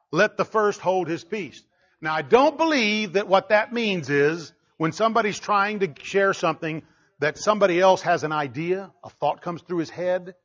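A man with a high, light voice preaches in a loose, conversational way. He stays animated and keeps slipping into small acted voices to quote others. The recording sounds dull and lo-fi. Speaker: pastor. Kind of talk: sermon.

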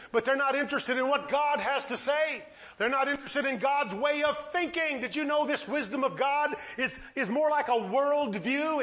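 A man's voice: very high-pitched, fairly bright tone. A man preaching a sermon, impassioned and pleading, firing off rhetorical questions.

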